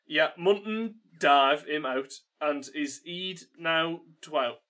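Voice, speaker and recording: A man reading an old rural dialect text aloud in a put-on Geordie accent that slides into Yorkshire, halting over the words. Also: fairly high pitch, pushed and bright. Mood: stumbling. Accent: put-on Geordie drifting into Yorkshire.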